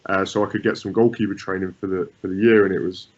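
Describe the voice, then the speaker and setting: A goalkeeping coach with a low voice answers interview questions quickly, his intonation fairly even. He works through his ideas conversationally, repeating words and restarting often, on muffled lo-fi audio.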